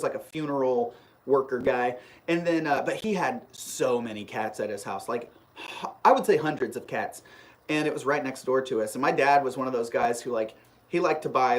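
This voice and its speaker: A live stream host telling a long personal story in a casual, rambling way, full of restarts, and replying to viewer comments. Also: mid-range voice. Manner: rambling and animated, with frequent restarts; reads viewer comments aloud and replies.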